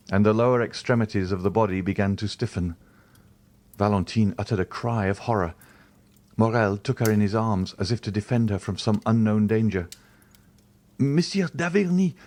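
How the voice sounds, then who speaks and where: A man reading a classic novel aloud in a measured, even scripted narration. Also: lowish voice. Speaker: audiobook narrator.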